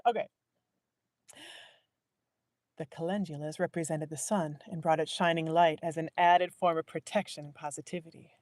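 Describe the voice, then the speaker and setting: A woman narrating a novel in a live audiobook reading, measured and willing to restart a line. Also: low-pitched, fairly even intonation, a little mellow, dry recording. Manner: measured, restarts lines to correct herself.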